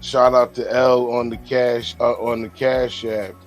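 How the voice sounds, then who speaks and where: A man hosts a livestream and reads out donations in casual, profane banter. His voice swings from low mutters to sudden laughing shouts. Faint music plays behind him. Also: little pitch movement, a little slow. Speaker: livestream host.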